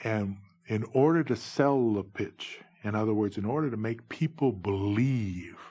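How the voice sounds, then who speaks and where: A man in his forties, a former baseball umpire, telling humorous stories in a lively, jokey way. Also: lowish voice, unhurried, husky. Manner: lively, jokey, breaks into shouted umpire calls. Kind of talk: humorous anecdotal storytelling.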